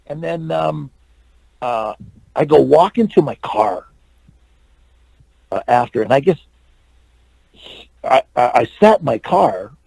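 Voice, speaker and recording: A man's voice: mid-range voice, animated, slow, vocal fry, long pauses, darkish tone, slightly rough, dry recording, rough recording. A man in his sixties from California, an interview guest telling a long anecdote and acting out the dialogue, with many fillers and restarts. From California, USA.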